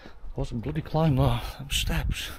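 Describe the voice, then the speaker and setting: A man's voice: mid-range voice, expressive, normal speed, darkish tone. A man vlogging on foot through an old town outdoors, chatty with mild swearing, out of breath from the climb. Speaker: travel vlogger. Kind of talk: casual walking commentary.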